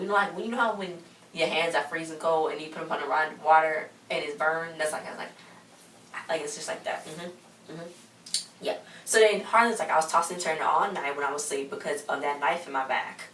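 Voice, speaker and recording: A young woman recapping a TV episode in casual chat, quoting characters with animated asides. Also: deep voice. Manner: chatty, quotes characters in exaggerated asides. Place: home in a hot desert city. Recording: roomy, distant mic with faint hiss.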